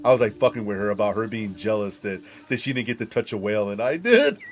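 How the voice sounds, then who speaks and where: A man's voice: on the low side, animated, fast talker, faint music behind. A young man streaming a game, telling a rambling, profane story and saying "dude" and "like" a lot. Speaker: gaming streamer. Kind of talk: casual storytelling while gaming.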